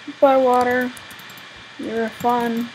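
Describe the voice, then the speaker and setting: Young woman gamer commenting as she plays, kinda high voice, gets exasperated a lot, faint hiss behind. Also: little pitch movement, takes it slowly, low-quality recording. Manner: chatty, exasperated, exclaims often. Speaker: gaming channel host. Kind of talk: casual gameplay commentary.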